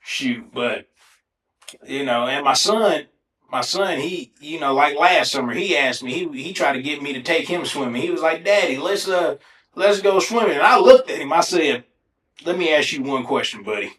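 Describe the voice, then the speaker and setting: Animated storytelling man in echoey room. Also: a little high, moderate pace. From Ohio, USA. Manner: animated, swears casually, breaks into exaggerated self-mocking. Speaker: podcast host. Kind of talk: casual solo storytelling.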